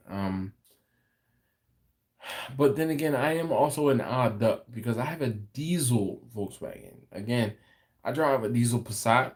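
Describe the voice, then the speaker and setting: An American man hosting a live barbecue stream, chatting casually and answering viewer comments with lots of fillers and restarts. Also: medium pitch. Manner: slow, laid-back storytelling with frequent fillers and restarts. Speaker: host of a barbecue livestream. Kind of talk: casual livestream chat reading viewer comments.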